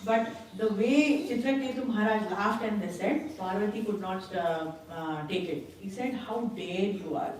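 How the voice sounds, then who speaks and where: A woman's voice: medium pitch, moderate pace, few pauses. Woman, scripture storytelling, acts out quotes, temple hall, faint room hum. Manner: retells a story with acted quotes and laughs. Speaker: spiritual class speaker. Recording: very echoey hall, voice from far off.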